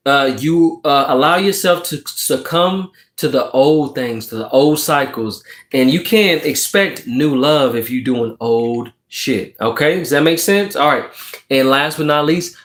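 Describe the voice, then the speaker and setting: Male livestream card reader, mid-pitched, emphatic and preachy, keeps checking in with viewers. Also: normal speed. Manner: swears casually while encouraging. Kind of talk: casual livestream chat, reading viewer comments.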